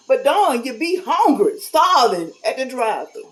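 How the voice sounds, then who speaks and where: A woman's voice: high-pitched, lively intonation, moderate pace, few pauses, poor audio. Blunt woman venting to camera. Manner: candid, blunt, folksy, preachy. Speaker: vlogger. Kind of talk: casual talk to camera.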